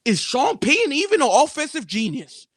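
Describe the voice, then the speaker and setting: A man with a high, lively voice co-hosts a sports betting show in casual chat. He talks emphatically, circling back on his points and calling out to his listeners. The recording is dry and close. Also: normal speed, no echo. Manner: emphatic, repetitive, addresses listeners as "people". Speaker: sports betting podcast co-host.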